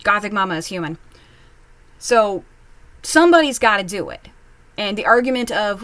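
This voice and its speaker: A woman giving casual reaction commentary while reading online posts at home, chatty and candid, with quick asides. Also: mid-range voice, animated, fairly bright tone, dry recording. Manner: chatty, candid, quips and mimics others in asides. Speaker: online post reader and commentator.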